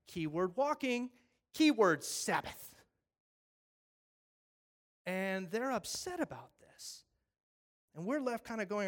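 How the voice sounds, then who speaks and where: A man preaching a sermon, animated, acting out scenes with voices and pleading earnestly. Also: high voice, moderate pace. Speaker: pastor.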